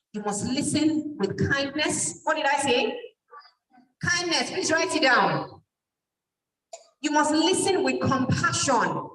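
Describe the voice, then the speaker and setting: A middle-aged Nigerian woman speaks to a church youth gathering at an unhurried pace, often stopping to ask the audience questions. Her voice is a touch high. She is recorded from a distance in a large, echoing hall. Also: a little hiss or hum. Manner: asks the audience questions and answers them. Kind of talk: motivational talk to an audience. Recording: echoey hall, mic from far off.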